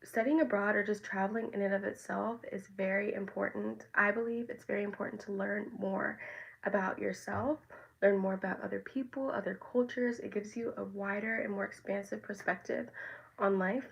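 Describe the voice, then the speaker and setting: A woman's voice: mid-range voice, gravelly, rough recording. A woman in her twenties from the United States, talking casually to her viewers with lots of fillers and tangents. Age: 20s. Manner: rambling, filler-heavy, tangents and restarts. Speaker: vlogger. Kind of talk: casual talking-head vlog.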